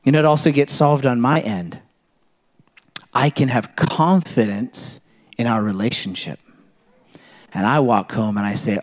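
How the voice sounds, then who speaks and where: A man's voice: medium pitch, a little slow, pauses often. Conversational man preaching a sermon. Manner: conversational, animated preaching with rhetorical questions. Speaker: pastor.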